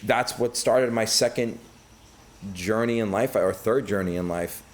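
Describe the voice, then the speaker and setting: A man's voice: on the low side, unhurried. A middle-aged man, a podcast guest telling stories in casual, profane chat and acting out other people's voices. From Brooklyn, New York. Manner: profane, animated, acts out quoted voices.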